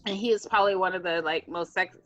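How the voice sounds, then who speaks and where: A woman's voice: on the low side, fairly even intonation, quick pace, a bit bright, muffled recording, soft background music. A young woman co-hosting a casual podcast, talking bluntly and with indignation about a coworker. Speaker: podcast co-host, bartender.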